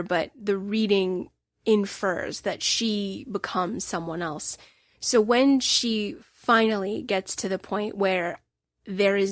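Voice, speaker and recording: A woman's voice: mid-range voice, no echo, clean studio sound. A woman hosting a solo book podcast, telling the story with emotional, emphatic bursts. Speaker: podcast host.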